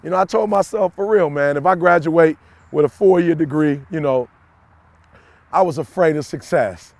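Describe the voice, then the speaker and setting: A young adult man giving a preachy, repetitive motivational talk to camera, swinging from shouts to low confiding tones. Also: moderate pace, dry recording. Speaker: motivational speaker.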